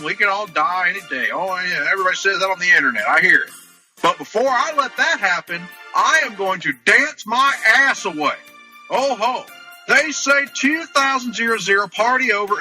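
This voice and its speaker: A man's voice: sits high, sharp tone, heavily acted, rough recording. A man doing an impression of an older wrestling announcer, half speaking and half singing comic parody lyrics over music. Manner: half spoken, half sung, emphatic and declaiming. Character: older male wrestling announcer, folksy and blustering. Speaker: podcast host.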